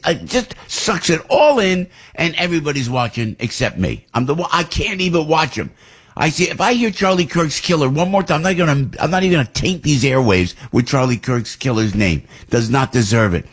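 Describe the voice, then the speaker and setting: A man's voice: a little high, expressive, a little fast, breathy edge. An older man hosting talk radio, delivering an indignant, repetitive opinion monologue. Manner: indignant ranting, repeats himself. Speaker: radio host.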